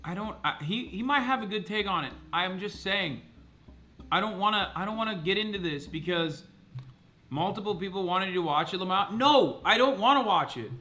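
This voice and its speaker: High, bright-voiced man ranting at chat. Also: normal speed. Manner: heated, profane ranting at chat. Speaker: streamer. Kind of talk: livestream reaction rant.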